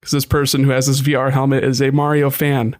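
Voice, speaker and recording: A man's voice: medium pitch, completely flat delivery, fast talker. A young man talking games on a podcast, his voice sitting in an ordinary middle register. He rambles casually and often circles back to restart a thought. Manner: rambling, many restarts and asides. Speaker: podcast co-host. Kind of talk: casual chat.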